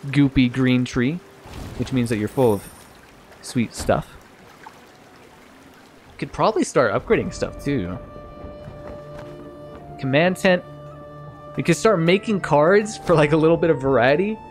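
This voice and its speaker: A man streaming a video game, thinking aloud in a casual, self-mocking way and getting easily excited. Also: medium pitch. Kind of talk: casual let's-play commentary.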